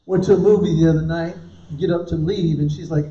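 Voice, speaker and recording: A man's voice: fairly high pitch, brisk. A middle-aged man performing live stand-up comedy at a dinner event, telling stories and acting out the voices in them. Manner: animated storytelling, acting out quoted voices. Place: dinner event in a large room. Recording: roomy, distant, dull live room sound.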